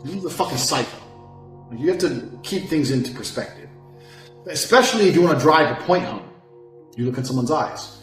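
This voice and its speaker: A man in his thirties giving a brash, profane monologue, boasting and swinging from loud outbursts down to low mutters. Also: animated, a little fast. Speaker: self-improvement speaker. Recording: echoey room with faint music.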